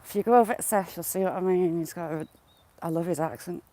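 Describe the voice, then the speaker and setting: A woman's voice: on the low side, fast talker, dark tone. A woman with a mixed English accent hosting a casual walk-and-talk livestream outdoors in the countryside. She greets her viewers by name as she chats. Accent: English, mixed regional. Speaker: livestream host.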